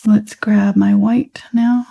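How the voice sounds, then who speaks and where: Gravelly, mellow-voiced painting teacher woman. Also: medium pitch, slow pace. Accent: Southern US. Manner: relaxed, chatty, thinking aloud while painting. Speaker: painting instructor. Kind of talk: live painting tutorial.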